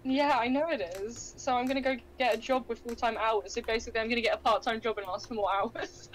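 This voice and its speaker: A young woman with a high voice chats through a gaming stream. She giggles often and teases herself. The talk is casual and rambling. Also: fairly even intonation, fast talker, low-quality recording. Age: young adult. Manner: playful, giggly, self-mocking. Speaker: Minecraft streamer.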